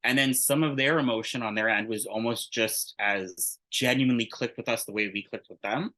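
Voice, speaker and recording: A man's voice: medium pitch, moderate pace, pushed and bright, poor audio. A man telling a story as an interview guest, casual and rambling, full of "like" and restarts, candid and swearing freely. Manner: rambling, heavy use of "like", frequent restarts.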